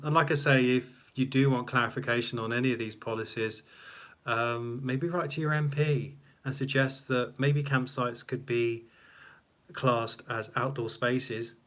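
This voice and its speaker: A man's voice: mid-range voice, steady tone, a little slow, fairly bright tone. Chatty rambling man hosting a live stream. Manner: chatty, rambling, laughs often, self-deprecating. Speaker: livestream host. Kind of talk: casual live-stream chat. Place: small room indoors at home.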